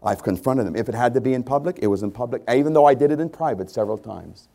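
Gravelly-voiced male pastor preaching. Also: medium pitch, quick pace, mellow. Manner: conversational preaching, repeating phrases for emphasis. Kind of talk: sermon.

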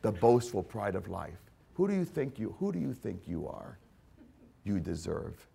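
Animated, fervent male preacher. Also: lowish voice, moderate pace, gravelly, a little hiss or hum. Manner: fervent, repetitive, emphatic preaching that swings between hushed and loud; speaks directly to listeners as "my friend". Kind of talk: sermon.

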